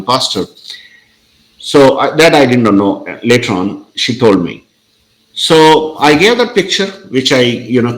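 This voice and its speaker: A man's voice: mid-range voice, fairly bright tone, poor audio. A man, a podcast guest telling a story in a hesitant, conversational way with many fillers.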